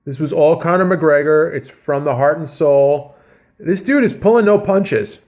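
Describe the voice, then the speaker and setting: A man's voice: on the high side, measured pace, a little mellow. A man giving casual reaction commentary on his comedy vlog, rambling and enthusiastic with lots of fillers. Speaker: comedy vlogger reviewing news.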